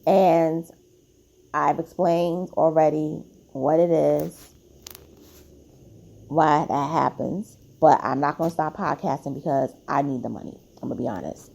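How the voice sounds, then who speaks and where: A woman's voice: low-pitched, steady tone, a little slow, gravelly, darkish tone. A woman hosting her own podcast, giving blunt, chatty opinions full of "like" fillers, sounding tired. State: tired, yawning. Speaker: podcast host. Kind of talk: casual opinion commentary.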